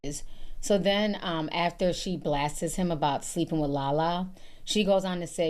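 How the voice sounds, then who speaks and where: A young woman with a slightly low voice reads text messages aloud. Her delivery stays steady and matter-of-fact through the casual commentary. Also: measured pace. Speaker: co-host reading messages.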